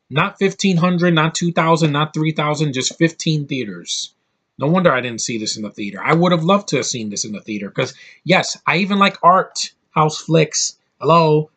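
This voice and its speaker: A man from the United States giving a casual, opinionated movie review straight to camera, blunt and quick to swear. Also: fairly high pitch, lively intonation, fairly bright tone. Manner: blunt, opinionated, swears often, mocking voices.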